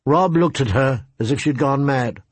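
A man narrating a story in a measured, even audiobook reading. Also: mid-range voice, breathy edge, dry recording.

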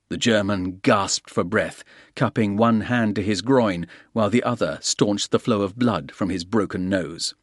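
Low-voiced man narrating a thriller. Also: dry recording, clean studio sound. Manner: steady, brisk action-thriller reading. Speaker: audiobook narrator. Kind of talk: scripted narration.

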